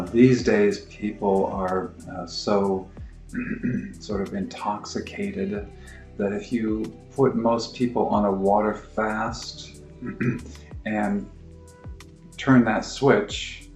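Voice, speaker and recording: A middle-aged man explaining his clinic's approach in a halting, informal way, full of fillers and restarts. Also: on the low side, gravelly. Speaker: naturopathic clinic practitioner. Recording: roomy echo with faint music.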